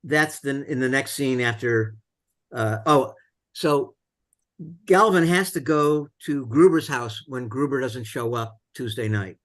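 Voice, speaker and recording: A man's voice: mid-range voice, a little slow. A man hosting a film discussion, retelling scenes casually with many fillers and restarts.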